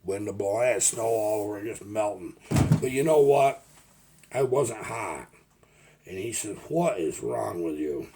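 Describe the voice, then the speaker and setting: A man's voice: on the low side, measured pace, pauses often, dark tone, slight background noise. An older man, a logger turned video maker, telling rambling folksy stories in a casual vlog. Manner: rambling folksy storytelling with restarts. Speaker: retired logger vlogger.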